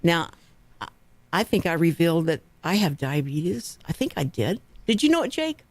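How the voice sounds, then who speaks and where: Texan woman host, lively storyteller, studio mic, dry sound. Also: on the low side, normal speed, no echo. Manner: chatty, animated storytelling with laughs. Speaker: radio talk show host. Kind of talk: casual radio chat. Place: radio studio. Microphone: studio microphone.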